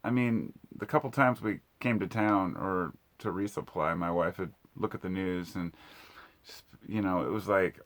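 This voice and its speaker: A man with a somewhat low voice talks straight to camera in a loose, unscripted vlog. He rambles and reflects as he goes, leaving in plenty of fillers and restarts. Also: normal speed, fairly bright tone. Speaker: vlogger. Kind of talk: casual vlog monologue.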